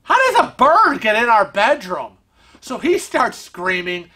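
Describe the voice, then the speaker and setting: A man hosting a vlog, telling a story at home in an animated, chatty way. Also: very high-pitched, unhurried, breathy edge. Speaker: vlog host. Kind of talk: casual storytelling. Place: family room at home.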